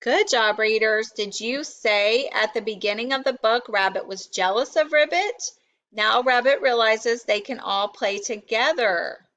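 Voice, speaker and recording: Slow, bright-voiced woman teacher. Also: on the high side, lo-fi sound. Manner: addresses children, asks questions. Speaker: teacher reading aloud. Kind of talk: interactive read-aloud lesson.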